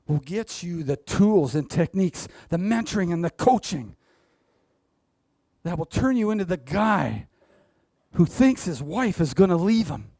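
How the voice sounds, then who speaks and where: In a motivational stage talk, a man speaks directly to his audience and laughs at his own jokes. His high voice is a little mellow, captured in studio quality with no echo.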